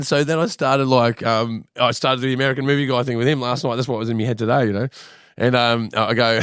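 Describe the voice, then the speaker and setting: An Australian man spins stories in relaxed podcast banter. He is animated, playful and loose with slang and swearing. His voice sits at a middle pitch, and the recording is close and dry. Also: moderate pace, no echo. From Western Sydney, Australia. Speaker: podcast guest. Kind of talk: casual banter, storytelling.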